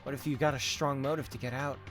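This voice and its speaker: A young man reading game narration aloud in a steady, even way. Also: medium pitch, quick pace, over music. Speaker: co-player.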